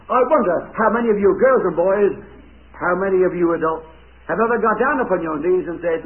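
A man with a fairly high voice preaching an object-lesson sermon to children, emphatic and dramatic as he puts questions to the young listeners. The recording is thin and narrow, like an old recording heard over a telephone. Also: a little fast. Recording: tinny, phone-like old recording.

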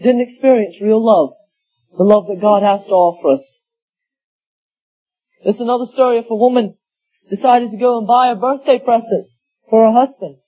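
A man's voice: very high-pitched, moderate pace, pauses often. A man preaching a sermon, telling folksy stories with acted quotes. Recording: dull lo-fi sound.

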